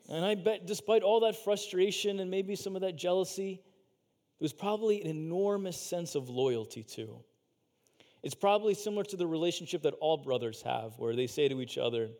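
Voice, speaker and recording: A man's voice: high voice, a little fast, a little mellow. Casual preaching man, in a reverberant hall. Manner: casual, filler-heavy preaching with acted-out quotes. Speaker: pastor. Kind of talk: sermon.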